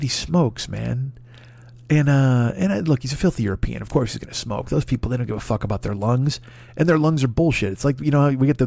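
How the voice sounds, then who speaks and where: American guy ranting comedy, swears a lot, rambles, average pitch, dry close mic. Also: vocal fry, mellow, no room sound. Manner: profane, rambling, riffing with impressions. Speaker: comedian host.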